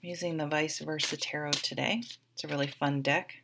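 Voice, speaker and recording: A woman's voice: deep voice, steady tone, a little fast, gravelly, heavy background noise. A woman giving a casual, chatty tarot reading to the camera, rambling a little with restarts and asides. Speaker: tarot reader.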